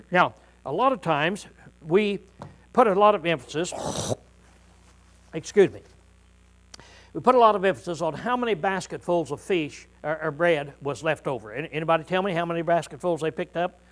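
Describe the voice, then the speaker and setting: Middle-aged guy preaching, kinda high voice, folksy, keeps clearing his throat. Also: expressive, normal speed, pauses often, a bit bright, poor audio. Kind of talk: informal Bible teaching to a congregation.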